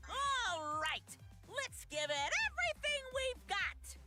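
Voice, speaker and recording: A sinister video game mascot creature that announces everything with drawn-out, theatrical glee. Its squeal sits extremely high and leaps wildly, slow and bright, over game music. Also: female voice, very animated, far from the mic, full character voice. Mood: gleeful.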